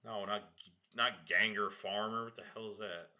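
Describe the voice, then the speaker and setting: A man hosting a casual livestream, slangy and excitable, swearing and laughing often. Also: fairly low pitch, normal speed. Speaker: livestream host.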